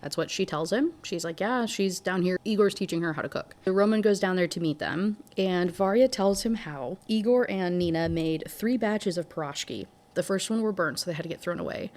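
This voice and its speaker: A woman's voice: lowish voice, a little fast, hardly any pauses, darkish tone. A young woman recapping a book in a chatty, candid way with sarcastic asides. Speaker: book reviewer.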